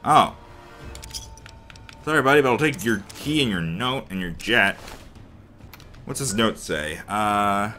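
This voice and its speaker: Lively, bright-voiced young man gaming. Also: on the low side, slow, long pauses, a little hiss or hum. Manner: talks to himself and the game characters, rambling and reactive; slips into a mock accent, drops to a hushed murmur when sneaking. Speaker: let's play gamer. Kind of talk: casual gameplay commentary.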